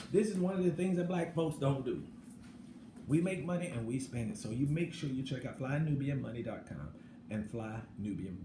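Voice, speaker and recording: A middle-aged man talking bluntly in a casual commentary monologue, swinging between loud outbursts and low asides. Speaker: channel host. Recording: echoey room with background noise.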